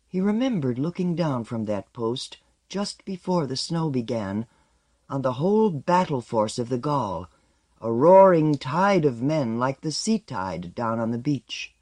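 A man narrating an audiobook in a measured, expressive storytelling manner, letting his lines fall away at the ends. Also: medium pitch.

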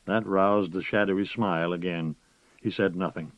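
A man reading a novel aloud as narrator, in measured, even storytelling. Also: deep voice, dry recording. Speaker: audiobook narrator. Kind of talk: scripted narration. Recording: slightly muffled recording.

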